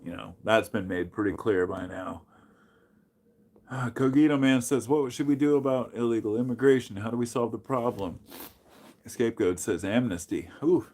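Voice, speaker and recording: A man's voice: mid-range voice, moderate pace, pauses often. A man talking bluntly and profanely on a casual livestream, reading and answering his chat. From United States. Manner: blunt, profane, animated when greeting chatters. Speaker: live streamer.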